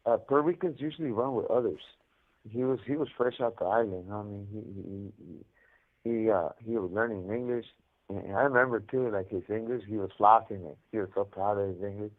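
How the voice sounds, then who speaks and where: A man's voice: fairly low pitch, brisk. Man, streetwise slang, tinny prison phone line. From Mexico. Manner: streetwise slang, laughs often, acts out voices. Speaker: incarcerated caller. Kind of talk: storytelling over a phone call. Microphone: prison telephone.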